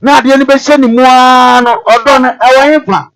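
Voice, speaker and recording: On a TV talk show, a man expounds on the Bible, repeating each verse and explaining it while switching between Twi and English phrases. His voice is very high and bright, with fairly even intonation and normal speed, and the recording is low quality.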